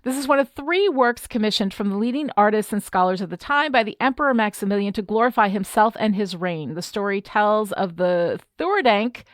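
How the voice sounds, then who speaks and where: A woman from New York State, co-hosting a podcast and telling a story in a lively, self-deprecating way. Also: medium pitch, brisk, hardly any pauses, no room sound, studio quality. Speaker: podcast co-host. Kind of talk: casual chat.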